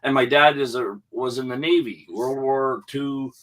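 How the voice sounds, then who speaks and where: A man's voice: medium pitch, unhurried, a bit bright, poor audio. A man chatting as a guest on a whisky show, rambling and joking through asides. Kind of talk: casual chat.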